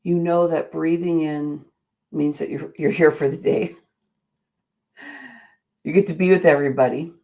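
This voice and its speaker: A woman's voice: low-pitched, fairly even intonation, a little slow, long pauses, warm tone. A middle-aged woman hosting a motivational show, telling a personal story in an earnest, emphatic way. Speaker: show host.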